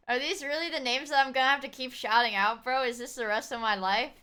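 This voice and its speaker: A woman streamer chatting casually as she reacts to a video, excitable and swearing, shrieking thanks to her viewers. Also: sits high, brisk, faint music behind.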